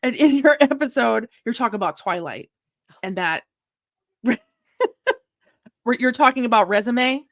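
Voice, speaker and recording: A young adult woman hosting a casual podcast livestream from home, telling stories in an animated way and acting out her own reactions. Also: on the high side, a little slow, long pauses, dry recording, clean studio sound. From Washington state. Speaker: podcast host.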